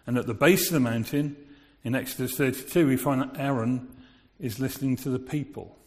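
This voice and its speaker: A man's voice: medium pitch, brisk, darkish tone. Guy preaching, chatty, lots of rhetorical questions, big echoey hall. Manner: conversational, asks the listeners rhetorical questions. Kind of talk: sermon. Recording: long reverb of a large hall.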